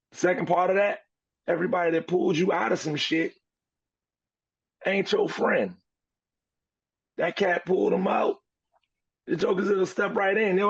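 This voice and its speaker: A man co-hosting a podcast, telling a profane, animated story with a moral in a casual way. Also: a little high, slightly rough, no room sound, lo-fi sound. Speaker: podcast co-host.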